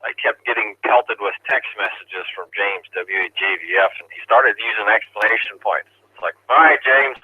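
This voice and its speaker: A man's voice: lowish voice, fairly even intonation, moderate pace, slightly rough, dry recording. A man checking in to an amateur radio net, chatting in a rambling, amused way. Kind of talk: casual chat over the radio. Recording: tinny two-way radio audio.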